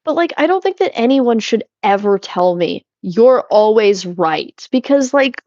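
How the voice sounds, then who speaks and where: As she tidies up, a young vlogger rambles on chattily, frequently interrupting herself with a laugh. Her voice sits on the higher side, sing-song and a little mellow. The audio is dry and slightly muffled, suggesting a home setup with a modest microphone.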